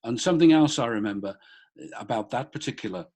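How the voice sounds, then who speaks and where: Husky man telling a story. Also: medium pitch, animated, fast, darkish tone. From Britain. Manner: hesitant, many restarts and ums. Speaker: guest speaker, former police officer. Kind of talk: storytelling over a video call. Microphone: laptop on a video call.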